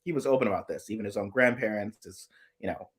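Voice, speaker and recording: A man's voice: on the low side, quick pace. A man co-hosting a casual live chat, thinking aloud in long analytical asides with frequent restarts. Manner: rambling, analytical, many restarts. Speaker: co-host.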